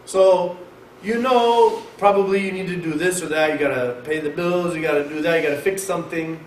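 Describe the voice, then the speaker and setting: Guy preaching, kinda high voice, echoey room, mic far off. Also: fairly quick. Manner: emphatic, animated lecturing. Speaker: mosque speaker. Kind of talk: conversational sermon. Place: mosque hall. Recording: echoey hall, mic far off, faint hiss.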